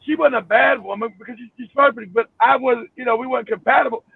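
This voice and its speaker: A high-voiced man with a rough, husky timbre argues loudly and swears as he talks. He comes through a thin, tinny phone line. He is dry and close, with no room sound. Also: fast, no room sound. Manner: animated, profane, emphatic storytelling. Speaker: panel guest. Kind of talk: heated talk-show discussion.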